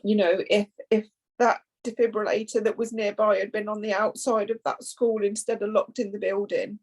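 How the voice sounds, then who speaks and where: A woman, a bereaved mother, speaking through tears in a halting, emotional conversation, often repeating words. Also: medium pitch, little pitch movement, a little mellow, rough recording. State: tearful. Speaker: foundation founder, bereaved mother.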